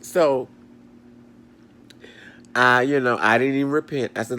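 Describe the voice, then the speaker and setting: A man's voice: medium pitch, fairly even intonation, unhurried, long pauses, sharp tone, slight background noise. A man telling a story at home, laughing a lot and retelling it dramatically. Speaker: vlogger. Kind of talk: animated storytime rant. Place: bedroom at home.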